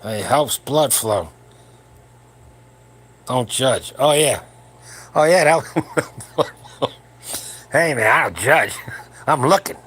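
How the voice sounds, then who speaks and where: A man's voice: medium pitch, expressive, takes it slowly, pauses often, fairly bright tone, breathy edge. A man in his seventies hosting a late-night livestream for his powerlifting channel, talking in a crude, rambling, joking way from home while his wife sleeps nearby. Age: 70s.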